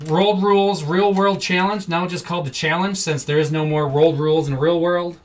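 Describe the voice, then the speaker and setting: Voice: medium pitch, fairly even intonation, moderate pace, recorded from a distance. A card-break host from Wisconsin, chatting casually and rambling on a live stream indoors. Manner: chatty, rambling, easily amused. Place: indoor room.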